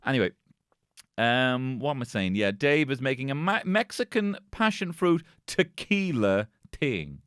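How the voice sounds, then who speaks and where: A man's voice: medium pitch, animated, unhurried, a bit bright, smooth, no echo, studio quality. A man hosting a solo comedy podcast, rambling, swearing and joking as he recaps. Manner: sweary, rambling, jokey, bursts into silly voices. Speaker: podcast host.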